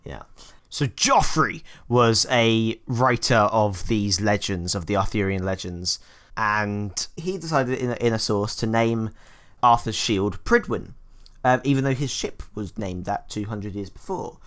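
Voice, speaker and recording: A man's voice: lowish voice, measured pace. Guy cohosting a gaming video, laughs a lot, voice jumps up and down all over. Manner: animated, laughs often, stumbles over names. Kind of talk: casual gaming chat.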